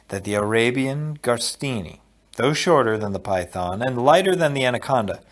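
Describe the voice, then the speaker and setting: A man reading a novel aloud as audiobook narrator, telling the story expressively and dropping low for asides. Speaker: audiobook reader.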